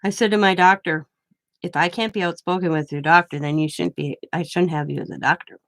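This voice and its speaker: A woman's voice: on the low side, fairly quick, dry recording. Chatty woman telling a story. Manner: chatty, animated retelling with quoted dialogue. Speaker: craft vlogger. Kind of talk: casual storytelling.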